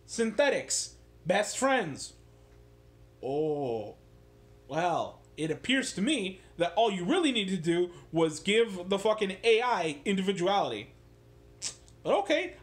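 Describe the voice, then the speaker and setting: Guy ranting about a game, kinda high voice, swears a ton, sarcastic and worked up. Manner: animated, sarcastic, swears constantly. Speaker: video game commentator. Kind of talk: casual profane rant.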